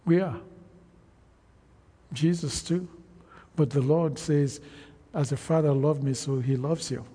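A man delivers a sermon at a deliberate, unhurried pace, drawing out his phrases and pausing for the congregation to answer. His voice is a little higher than most men's, yet dark and husky in tone. The sound carries the long reverb of a large hall. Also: fairly even intonation. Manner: slow, emphatic preaching with frequent call-and-response. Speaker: preacher.

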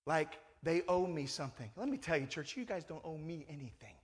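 A man's voice: a little high, animated, a little fast. A male pastor preaching a sermon in a conversational, emphatic way, full of rhetorical questions.

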